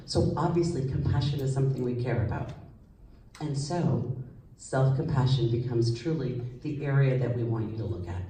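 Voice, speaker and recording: A woman psychologist giving a lively, conversational stage talk to an audience, asking them questions as she goes. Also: sits low. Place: large hall with audience. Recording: echoey hall, voice slightly distant.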